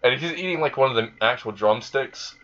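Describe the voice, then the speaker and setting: A man's voice: medium pitch, animated, brisk, fairly bright tone, dull audio. Rambling man retelling a fan story. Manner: rambling, frequent fillers and laughing.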